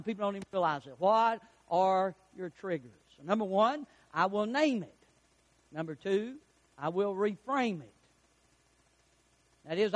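A man preaching a sermon as pastor, telling stories and acting out the lines of people in them. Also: high-pitched. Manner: storytelling preacher, acts out quotes, chuckles at own jokes.

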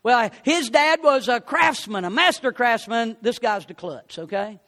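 High bright preacher man. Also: lively intonation, unhurried, big-room sound. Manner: folksy storytelling, rising to fervent appeals. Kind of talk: sermon.

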